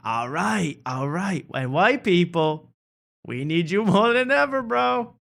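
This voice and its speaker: A man doing a loud, high impression of a stand-up comic hyping up a crowd. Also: expressive, takes it slowly, vocal fry, exaggerated voice. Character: hyped male stand-up comic working the crowd.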